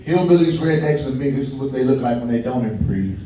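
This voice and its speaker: At a small comedy club, a comic from Kentucky, USA, works the crowd in a relaxed, chatty set and cracks himself up at his own jokes. He talks fairly quickly in an expressive, mid-range voice, picked up from a distance in an echoey room.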